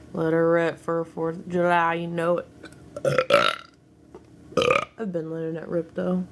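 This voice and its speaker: A young American woman livestreaming, her voice sitting a little low as she drawls through viewer comments at an unhurried pace. She teases and talks back to her chat with frequent laughs, and a faint hiss of noise sits behind her. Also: a little mellow. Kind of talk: casual live-stream chat reading comments.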